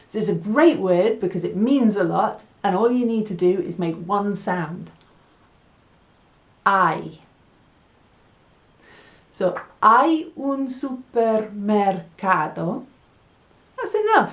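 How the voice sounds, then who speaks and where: A woman with an English accent teaching a Spanish lesson, speaking slowly and repeating words so learners can practise them. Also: mid-range voice, echoey room. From England. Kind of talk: language lesson.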